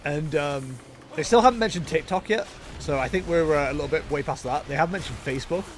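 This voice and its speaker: A man's voice: fairly high pitch, fast, slight background noise. A young man giving casual, jokey gameplay commentary as a streamer, chatting with his viewers. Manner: jokey, self-mocking, chatty with chat. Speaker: game streamer.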